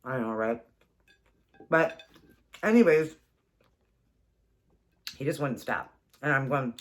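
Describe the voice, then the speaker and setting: A woman's voice: rumbling low, slow pace, pauses often. A woman in her forties chatting casually as a keto vlogger, rambling through a story with frequent laughs and a runny nose. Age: 40s. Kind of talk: casual storytelling while eating.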